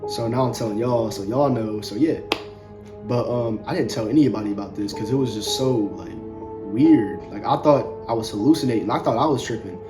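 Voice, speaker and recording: A young man tells a personal story straight to his viewers, casual and rambling, stumbling over and repeating his words. His voice sits in a middle pitch. Music plays clearly underneath him. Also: a little fast. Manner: loose, conversational, many fillers and repeats. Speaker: vlogger.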